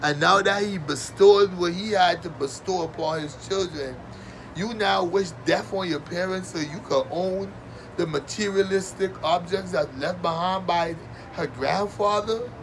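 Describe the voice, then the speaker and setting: Man, comedic rant, high voice, slow deliberate delivery, mocking and sarcastic, heavy swearing. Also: noisy background. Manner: breaks into loud fake wailing and laughter.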